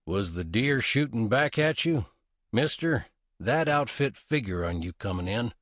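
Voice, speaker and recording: A man's voice: medium pitch, expressive, measured pace, a bit bright, no echo. Man doing a drawling, sly gunman. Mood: knowing. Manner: drawling, dry, cocky. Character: laconic sly frontier gunman, male adult.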